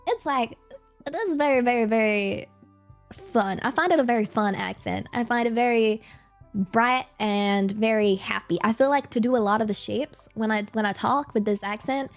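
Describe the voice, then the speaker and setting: Woman doing a giggly put-on Southern drawl persona, bright high voice, livestream chat. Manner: giggly, practicing phrases aloud. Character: Southern-accented young woman persona, playful and self-conscious.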